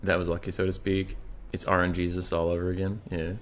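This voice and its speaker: A young man with a slightly low voice calls a strategy game match in a loose, chatty way. He drifts between play-by-play and off-topic banter, swearing casually. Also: completely flat delivery, quick pace. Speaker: game caster. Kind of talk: casual esports commentary.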